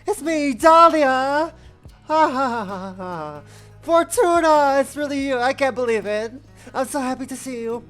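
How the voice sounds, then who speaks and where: A woman voicing an excitable young witch friend in game dialogue, gushing and eager with quick questions. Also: high-pitched, faint music behind, voice pushed up. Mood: excited. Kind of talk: reading game dialogue aloud.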